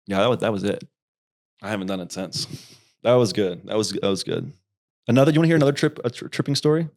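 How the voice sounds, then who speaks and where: A young man, a YouTuber and podcast guest, telling rambling, animated stories in casual talk and swearing freely. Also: fairly low pitch, fast talker. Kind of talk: casual storytelling.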